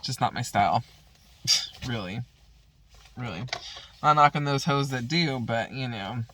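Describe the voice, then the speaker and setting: A woman's voice: extremely low pitch, moderate pace, a bit bright, a little hiss or hum. A woman vlogger telling a story in casual chat, rambling and profane, full of fillers.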